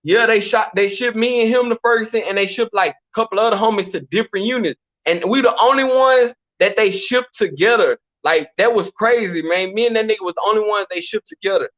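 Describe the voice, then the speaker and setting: Speaking briskly with hardly any pauses, this guest from Texas spins prison stories in a relaxed interview. His voice is high-pitched and bright, his delivery slangy and lively, with "you know what I'm saying" coming up again and again over muffled, lo-fi audio.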